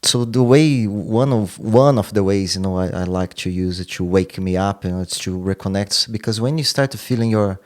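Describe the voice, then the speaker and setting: A man's voice: fairly low pitch, normal speed, hardly any pauses. A man hosting a podcast interview, talking in an earnest, reflective way and often searching for his words. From Brazil. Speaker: podcast host and martial arts coach. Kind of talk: casual interview chat.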